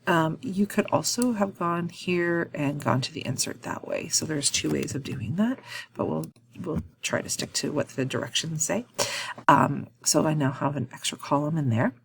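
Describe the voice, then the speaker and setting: Woman, low voice, slight vocal fry, screen-recorded tutorial, thinking aloud, frequent ums, self-corrections. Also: animated, normal speed, slight background noise. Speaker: instructor.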